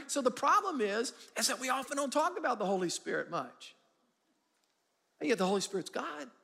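High-voiced preaching pastor in a reverberant hall. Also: male voice. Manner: animated call-and-response preaching, asks congregation to repeat words. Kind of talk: sermon. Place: large church auditorium.

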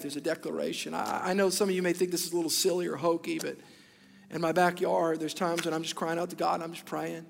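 High-voiced preacher in a reverberant hall. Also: male voice, steady tone, brisk, vocal fry. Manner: fervent, rising to shouts; repeats short declarations. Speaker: pastor. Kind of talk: sermon.

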